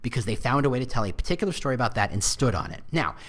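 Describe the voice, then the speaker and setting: Animated man explaining marketing ideas. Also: medium pitch, very fast. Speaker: podcast host. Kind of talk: casual explanatory chat.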